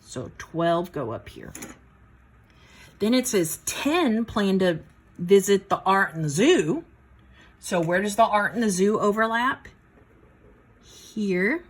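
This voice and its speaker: A woman's voice: mid-range voice, lively intonation, slow, long pauses, husky. A woman teaching math in a casual, folksy way, talking herself through each step of a problem. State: a little out of breath. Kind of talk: casual worked-problem lesson.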